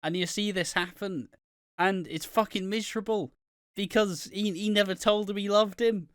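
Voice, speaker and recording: A man's voice: high-pitched, steady tone, moderate pace, clear, resonant tone, dry recording, clean studio sound. A man co-hosting a casual podcast chat who rambles, swears freely and gets worked up retelling scenes. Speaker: podcast co-host.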